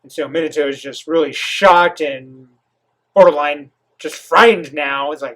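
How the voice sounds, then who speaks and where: Slow, halting man reading a comic. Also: on the high side, fairly bright tone. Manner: halting, filler-heavy, enthusiastic asides. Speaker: comic reaction host.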